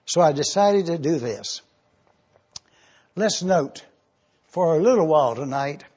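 A male pastor delivers a sermon in a fairly high, husky voice. He talks slowly and deliberately and draws out the words he wants to stress. The recording is dull and lo-fi. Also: darkish tone. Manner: deliberate preaching, stretches key words.

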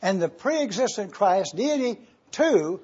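A man preaching a sermon as pastor, emphatic, swelling loud on key phrases and dropping soft and low. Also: sing-song, slow, husky, muffled recording.

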